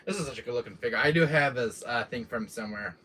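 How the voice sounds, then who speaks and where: A man's voice: mid-range voice, fast, pushed and bright, a little hiss or hum. A young man chatting casually on a live stream, rambling with lots of fillers and restarts. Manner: rambling, many fillers and restarts, laughs often.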